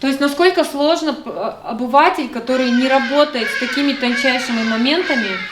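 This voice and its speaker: A woman trainer explaining in short bursts and pausing so her words can be interpreted. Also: sits high, heavy background noise. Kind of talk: seminar talk. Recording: echoey room, mic far off.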